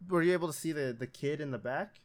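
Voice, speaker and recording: A man's voice: on the high side, quick pace. A man in casual conversation, reacting wryly and in a laid-back way. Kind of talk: casual chat.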